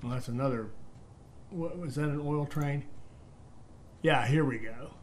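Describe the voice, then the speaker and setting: A man's voice: medium pitch, a little slow, slight background noise. Man rambling through a let's-play. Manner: rambling, thinks aloud with fillers and restarts. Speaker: game commentator. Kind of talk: casual let's-play commentary.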